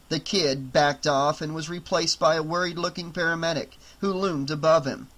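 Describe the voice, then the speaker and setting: A man narrating an audiobook in a steady, even storytelling voice. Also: fairly high pitch, moderate pace, few pauses.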